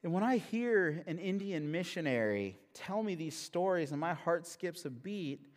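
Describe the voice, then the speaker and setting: A man's voice: fairly high pitch, animated, measured pace. A male pastor preaching a sermon in a humorous, conversational way that turns earnest. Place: church sanctuary. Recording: long reverb of a large hall.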